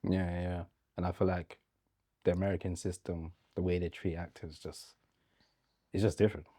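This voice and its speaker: Man, co-host, casual chat, low voice, mellow tone, easygoing. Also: little pitch movement, normal speed. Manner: easygoing, lots of yeahs and restarts.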